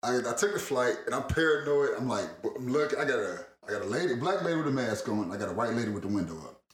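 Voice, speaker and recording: A man spins a rambling story in casual chat, laughing and cursing as he goes. His pitch swings widely and expressively. The voice carries a noticeable room echo. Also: quick pace. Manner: rambling, laughing, profane, animated.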